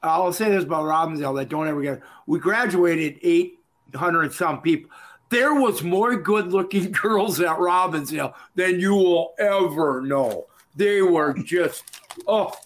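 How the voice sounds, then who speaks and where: An older man from Minnesota, a retired wrestler and interview guest, telling jokey rambling stories and doing shouted impressions of people. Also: sits high, a little slow. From Minnesota, USA. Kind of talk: storytelling in casual chat.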